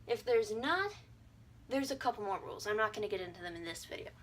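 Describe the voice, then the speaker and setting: A woman's voice: medium pitch, lively intonation, quick pace, a bit bright, slight background noise. A young adult woman giving a casual video lesson, breezy and irreverent, sounding out vowels and words as she explains. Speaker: language teacher.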